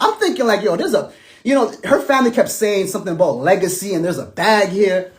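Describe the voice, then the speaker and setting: Animated man with a lively voice. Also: moderate pace, background noise. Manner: animated and emphatic, sinking to soft, low tones when recounting. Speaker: estranged husband telling his side. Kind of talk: casual monologue.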